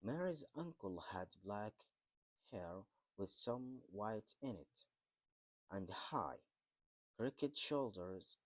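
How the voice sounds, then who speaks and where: Male storybook reader, unhurried and deliberate, dry close-miked sound. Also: lowish voice, lively intonation, no echo. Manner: slow, deliberate, halting with restarts. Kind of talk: storybook reading.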